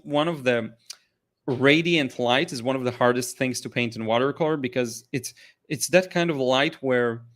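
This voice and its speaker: A man with a medium-pitched, fairly bright voice hosts a live art Q&A, chatting casually and enthusiastically about paintings. He's a little tired and yawning, rambling through this casual livestream chat with plenty of restarts and fillers.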